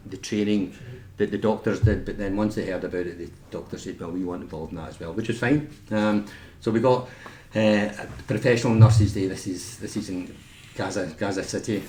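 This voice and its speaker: A Scottish-accented man with a lowish, dark-toned voice, a nurse, gives an informal talk about his work, chatty and packed with anecdotes and restarts. It was recorded in an echoey meeting room with faint noise.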